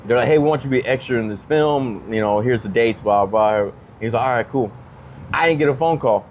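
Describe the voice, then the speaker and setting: A man's voice: medium pitch, brisk, a little hiss or hum. Man telling a story, acting out quotes. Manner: animated, acts out quoted dialogue in changed voices. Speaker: podcast guest, comedian. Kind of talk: casual storytelling on a podcast.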